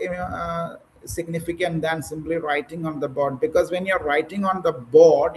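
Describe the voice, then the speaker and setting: A high-pitched man coaches teachers over a video call. He corrects and encourages them, filling pauses with uh and mm, while faint background sound hums behind him. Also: a little hiss or hum, rough recording. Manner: encouraging, corrective, many fillers. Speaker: English teacher trainer. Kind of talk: online training session, coaching teachers.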